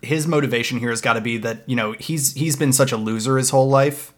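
A man recapping a movie in casual, joking chat, slipping into quick mock voices for the characters. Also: medium pitch.

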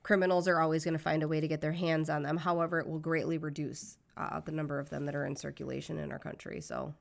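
Outspoken American woman co-host, lower register, casual and profane. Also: flat delivery, quick pace, gravelly. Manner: outspoken, swears freely. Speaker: podcast co-host. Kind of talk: casual blunt podcast chat. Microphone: remote call, connection drops.

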